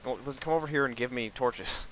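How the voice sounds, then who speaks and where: A man's voice: mid-range voice, a little fast, fairly bright tone, rough recording. A young man hosting casual gameplay commentary, teasing his co-player with joking banter. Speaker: channel host.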